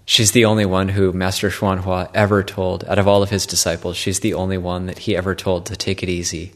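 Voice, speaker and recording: Low, flat-voiced male monk. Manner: halting, repeats words, many fillers. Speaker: Buddhist monk. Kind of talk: Dharma talk.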